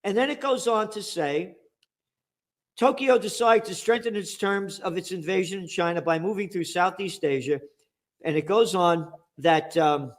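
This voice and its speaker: Guy hosting a political talk show, highish voice, sarcastic, fired up. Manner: sarcastic, animated, reads aloud and mocks the text. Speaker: show host.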